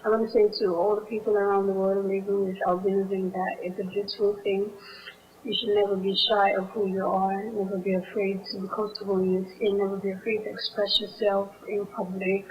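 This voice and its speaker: A woman giving an encouraging, supportive video message in a steady voice. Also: mid-range voice, brisk. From Nigeria. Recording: dull lo-fi audio.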